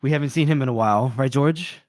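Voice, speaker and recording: A man co-hosting a casual book podcast, talking in a loose, rambling way at a middle pitch. He retells scenes and slips into quick character voices along the way. The sound is dry and close to the mic. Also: dry recording. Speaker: podcast co-host.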